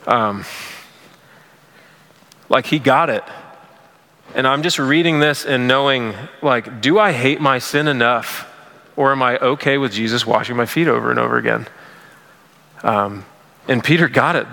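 Bright-voiced man preaching in a hall. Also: mid-range voice, normal speed, long pauses. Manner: casual, conversational preaching with many "like" fillers. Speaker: pastor. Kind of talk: sermon.

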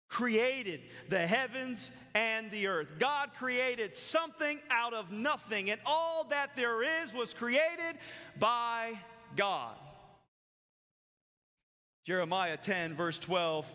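A man preaching a sermon as pastor, emphatic, with dramatic pauses between phrases. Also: high voice, pushed and bright, long reverb tail.

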